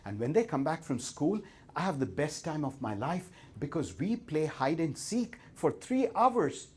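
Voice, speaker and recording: A man's voice: on the high side, sing-song, measured pace, darkish tone, breathy edge, heavily acted. A man with an Indian accent playing a contented, carefree Mexican fisherman who tells of his easy, leisurely day.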